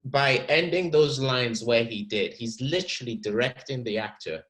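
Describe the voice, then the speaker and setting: A man coaching actors through verse in a masterclass, animated and encouraging. He often repeats a word while searching for the next thought, and his voice sits at an ordinary middle pitch. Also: moderate pace, rough recording. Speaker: acting teacher.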